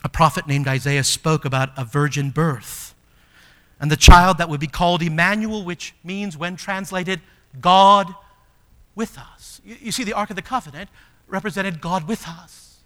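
A man preaching a sermon as pastor, moving from soft, low passages to loud, emphatic ones. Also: normal speed. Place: church sanctuary. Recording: long hall reverb.

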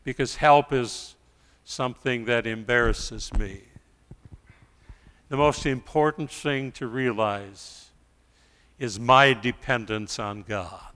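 A middle-aged male pastor preaching a sermon, telling stories quietly and then rising to loud pleas. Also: medium pitch, clean tone, in a large hall.

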